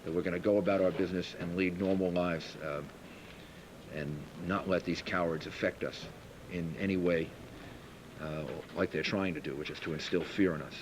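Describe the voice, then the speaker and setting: A man's voice: sits low, steady tone, moderate pace. A man speaking firmly and defiantly at a press conference, as a mayor addressing the public. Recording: noisy press conference clip.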